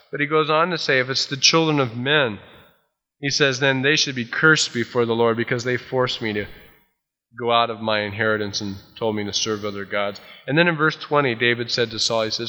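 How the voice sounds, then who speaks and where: A man preaching, reading scripture aloud and then retelling it with lively acted-out voices. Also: medium pitch, a little fast, long reverb tail, highs cut off. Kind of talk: expository Bible teaching.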